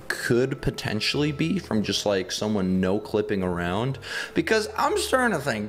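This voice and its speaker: A young man hosting a gaming video, giving excitable running commentary and yelping and laughing as he plays. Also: medium pitch. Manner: excitable, yelps and laughs while playing.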